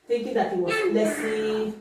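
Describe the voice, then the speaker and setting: A woman's voice: mid-range voice, normal speed. Woman telling a Bible story to children. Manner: lively, checks listeners often. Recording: very echoey room, distant mic, noise.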